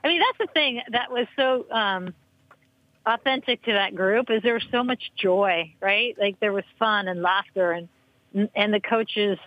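Woman, podcast guest, casual storytelling, animated, jumps in pitch for quotes. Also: unhurried, no room sound, dull audio. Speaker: podcast guest, former soccer player.

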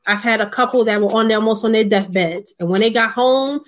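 A woman's voice: a little high, steady tone, a little fast. A woman co-hosting a casual online discussion, speaking earnestly in a conversational way. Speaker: co-host.

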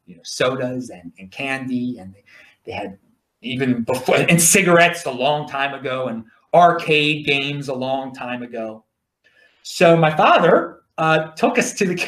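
Lively Baltimore man rambling. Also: medium pitch, roomy sound. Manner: animated, repetitive restarts, jokey asides. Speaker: podcast host. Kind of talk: casual rambling monologue.

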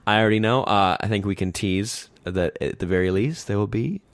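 A man's voice: on the low side, brisk, no echo. A man co-hosting a podcast, wrapping up the episode in casual chat, upbeat and rambling with lots of fillers. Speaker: podcast co-host.

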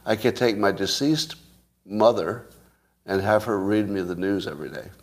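A man with a fairly low voice chats casually as a show host. He rambles from one idea to the next and throws in jokes. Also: normal speed. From California. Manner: rambling, musing, joking. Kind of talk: casual chat with listeners.

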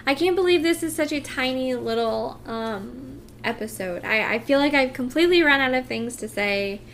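A woman's voice: high-pitched, normal speed, fairly bright tone, slight background noise. A woman talking in a casual confessional vlog, heartfelt and rambling with many fillers and restarts, emotional and close to tears. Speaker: vlogger.

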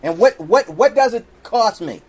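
Brief: male preacher in a clip, high voice, insistent and repetitive, lecturing tone. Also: lively intonation, normal speed, poor audio. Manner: insistent, repeats questions. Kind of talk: preachy monologue.

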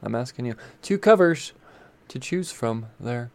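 A man's voice: medium pitch, animated, measured pace, gravelly, no room sound. A man talking casually about comic books, rambling and chatty, with lots of fillers and some swearing. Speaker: comic book reviewer. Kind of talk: casual chat.

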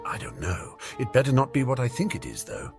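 Brief: man reading cocky teen boy wizard, bright, lively, sarcastic. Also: mid-range voice, creaky, soft background music. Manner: smug, quick-witted banter.

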